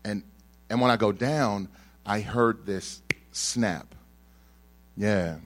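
A young man speaks slowly in a lowish voice, telling an audience a story from his own life. He performs the various people in it with animation and makes jokes with the crowd.

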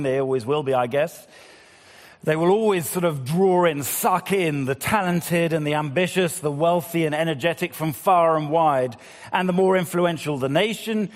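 A man preaching a sermon, swinging between loud appeals and hushed, slow passages. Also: fairly high pitch. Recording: long hall reverb.

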